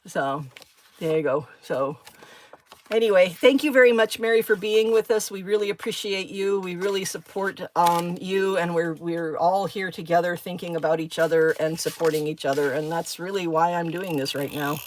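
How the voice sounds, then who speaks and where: A woman's voice: fairly low pitch, normal speed, a little hiss or hum. A woman hosting a craft live stream from home, chatting casually with viewers by name and drifting from one thought to another. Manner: rambling, easily sidetracked, talks to viewers by name.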